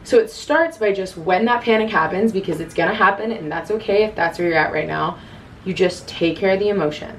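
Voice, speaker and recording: A woman's voice: medium pitch, a little fast, a little hiss or hum. Earnest chatty young woman, distant mic. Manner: earnest, chatty, quotes her own inner voice. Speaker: self-love vlogger. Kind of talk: casual advice to camera.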